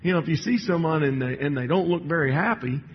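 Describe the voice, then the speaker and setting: A man's voice: a little high, fast, breathy edge. A man giving a sermon in a church, talking conversationally with many restarts and fillers. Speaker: church speaker. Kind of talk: sermon with read passages. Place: church hall. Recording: dull sound with long hall reverb.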